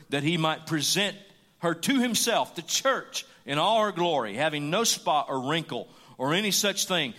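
A man's voice: fairly high pitch, sharp tone. A man preaching a sermon with emphasis, repeating his key lines for weight. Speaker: pastor. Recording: hall reverb.

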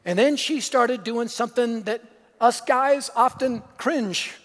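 A male preacher delivers an energetic sermon in a strikingly high voice. He is emphatic and animated, acting out the people in his stories. His voice rings out with a long reverb, as if he is preaching in a large church hall. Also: unhurried. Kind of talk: sermon with storytelling.

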